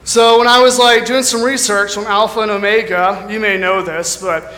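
American man, bright high voice, casual guest preacher in a long-reverb church hall. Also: fairly even intonation, normal speed. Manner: casual, chatty, lots of fillers like "you know". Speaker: guest speaker. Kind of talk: sermon with jokes. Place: church sanctuary.

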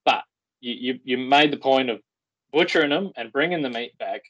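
An Australian man, a guest on a podcast, telling a rambling, animated story with frequent restarts. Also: medium pitch, normal speed, lo-fi sound.

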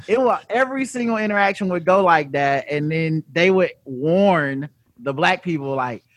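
Excitable man telling a story. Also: on the high side, normal speed, dry recording. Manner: animated storyteller, swears freely, acts out voices. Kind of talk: casual comedic chat.

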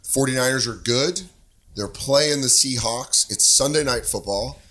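A man's voice: mid-range voice, a little slow. A man hosting a podcast, telling a story in casual chat, acting out voices and swearing. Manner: animated, acts out voices, swears. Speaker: podcast host.

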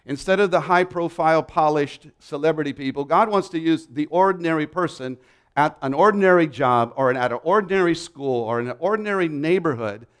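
A man's voice: fairly high pitch, fairly quick, clean tone. A man preaching a sermon, emphatic and building his points through repeated lists.

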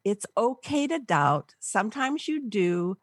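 An older woman from the Los Angeles area, a podcast guest, telling a personal story in an animated way and acting out the voices of people she quotes. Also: medium pitch, unhurried, dry recording. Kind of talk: storytelling in a conversational interview.

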